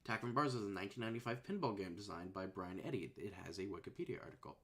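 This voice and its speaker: A man chats on a stream in a relaxed, rambling way, his voice sitting a little low. His sentences often drift and trail off softly as he thinks aloud. He sounds close to a desk microphone. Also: rapid-fire. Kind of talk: casual chat.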